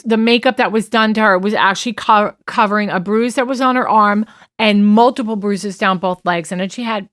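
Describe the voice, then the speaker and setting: A woman's voice: mid-range voice, a bit bright, clean tone, no echo, studio quality. A woman co-hosting a casual true-crime podcast, animatedly retelling events with restarts and quoting texts in a raised voice. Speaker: podcast co-host.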